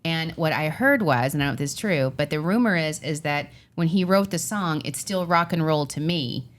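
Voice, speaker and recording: A woman's voice: low-pitched, fairly quick. A woman co-hosting a podcast, chatting with a guest and asking curious questions. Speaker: podcast co-host. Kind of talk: casual interview chat.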